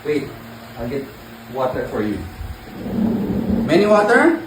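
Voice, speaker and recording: A woman gently but firmly settles her child in a home vlog, her pitch swinging widely between soothing and stern. She sounds some distance from the mic in a very reverberant living room. Steady household noise runs underneath. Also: a little slow. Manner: patient, coaxing, firm but gentle. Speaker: mother. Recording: echoey room, far from mic, background noise.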